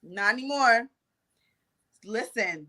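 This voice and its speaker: A woman hosting an interview, chatting casually with lively asides. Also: fairly high pitch, slow pace. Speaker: host.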